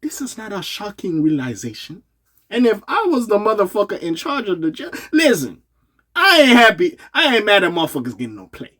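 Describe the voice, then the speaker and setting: Male commentator, casual and profane, slangy with lots of asides, lively pitch. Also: brisk.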